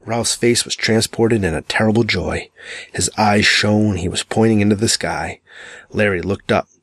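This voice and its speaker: A man reads a dark novel aloud in a measured, dramatic way. His voice sits on the low side. The sound is dry and close, with no room around it. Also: breathy edge, no room sound. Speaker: audiobook narrator. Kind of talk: scripted narration.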